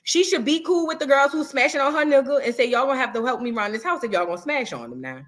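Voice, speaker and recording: A sassy, chatty woman runs a casual livestream commentary, reading super chats aloud and thanking her viewers, whom she calls "girl" and "boo." She speaks fast in a high-pitched, expressive voice.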